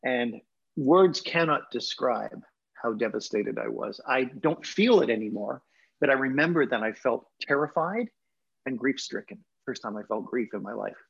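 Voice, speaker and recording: Lively and medium in pitch, this sixty-something speaker moves at a moderate clip, his voice carrying vocal fry and a breathy edge over lo-fi audio. Raised in England yet sounding Canadian, he shares personal memories in an interview with feeling, reflection and the occasional laugh.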